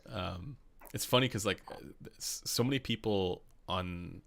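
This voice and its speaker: Young Canadian host, low gravelly voice with a bright edge, chatty live-stream talk. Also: male voice, measured pace. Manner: chatty, laughs often, many fillers. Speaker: podcast host. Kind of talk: casual live-stream chat.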